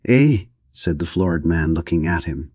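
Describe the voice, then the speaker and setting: A man narrates a novel for an audiobook in a steady, even reading. His voice is very deep with a husky edge. The sound is close and dry, with no room echo. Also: normal speed. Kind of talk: scripted narration.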